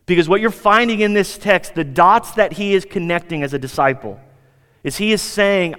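A man preaching with a slightly high voice, building energy and lifting for emphasis, then sinking to a hush. His sermon rings through a hall with a long, lingering reverb. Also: normal speed, clean tone. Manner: animated preaching, rising in pitch for emphasis. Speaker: pastor.

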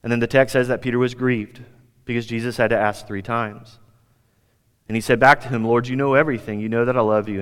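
A pastor preaching a sermon, animated, climbing higher for emphasis and dropping soft for quiet asides. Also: male voice. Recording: long reverb of a hall.

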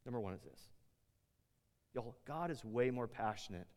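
Male pastor, casual preaching voice with big swings from loud emphasis to quiet asides, long reverb. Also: expressive, moderate pace. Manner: conversational preaching, rising loud on emphasis then dropping low. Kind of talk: sermon. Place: large room with an audience.

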